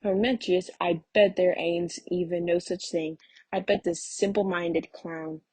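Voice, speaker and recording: A woman reading the part of a bitter, restless young husband, talking loud and sneering. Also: on the low side, fairly even intonation, a little slow, slightly rough, no echo. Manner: angry, sneering, raised voice.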